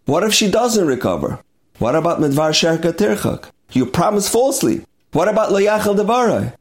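A man's voice: high voice, big pitch swings, fairly quick, darkish tone, pitched above the performer's own voice. A man voicing an aged, revered rabbi who rebukes a younger colleague with indignant questions.

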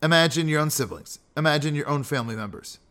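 A man's voice: fairly high pitch, lively intonation, fast talker, fairly bright tone. A man hosting a podcast, teaching character ethics in a casual way, full of self-deprecating asides and rhetorical questions. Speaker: podcast host.

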